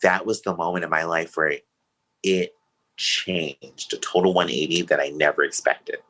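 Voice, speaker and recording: A man's voice: low-pitched, fairly even intonation, moderate pace, bright, forceful tone, poor audio. A man, a podcast guest, telling a painful personal story in an earnest, emotional way.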